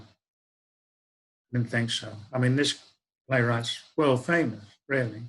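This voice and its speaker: A man's voice: mid-range voice, slow, fairly bright tone, rough recording. Wry older man storytelling. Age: 60s. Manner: wry, reflective, conversational. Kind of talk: spoken-word storytelling.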